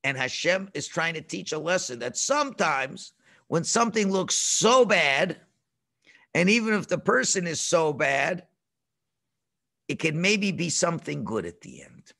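A man teaching a children's religious class over a video call, telling the story in an animated way and acting out the voices. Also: a little high, unhurried, creaky.

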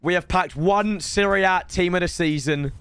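A young man, streaming a pack opening, slightly hoarse. He talks in an excitable way, swinging between shouting and grumbling. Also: sits high, moderate pace, soft background music.

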